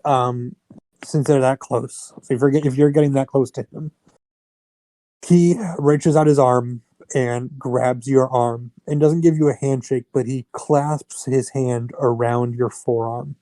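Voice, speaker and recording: Male game master, casual narration, mellow and dry. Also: medium pitch, steady tone, unhurried, no room sound. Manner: casual, restarts mid-phrase.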